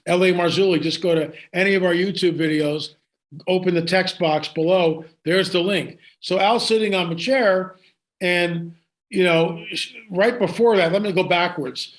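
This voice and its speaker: A man speaks high in his register as he recounts a story for an interviewer. He talks excitedly, doubling back and restarting his sentences as he goes. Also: normal speed. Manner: excited, with frequent restarts and asides. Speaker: guest.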